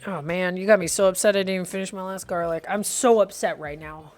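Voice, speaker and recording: A woman's voice: on the low side, steady tone, fast talker, hardly any pauses, soft background music. A woman chatting playfully with her viewers while cooking on a live stream. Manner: chatty, playful, answers chat aloud. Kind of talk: casual cooking livestream chat.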